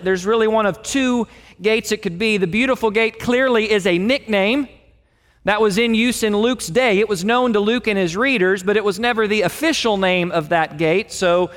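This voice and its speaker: High-voiced preacher in a reverberant hall. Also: male voice, fairly bright tone. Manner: emphatic, acts out quoted lines. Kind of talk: expository sermon.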